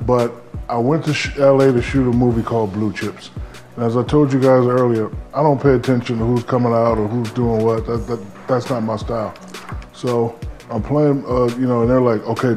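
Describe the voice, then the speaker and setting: A man's voice: medium pitch, mellow. A man who played professional basketball tells a story in a casual interview, rambling and full of fillers. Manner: rambling, filler-heavy, laid-back. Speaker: former pro basketball player.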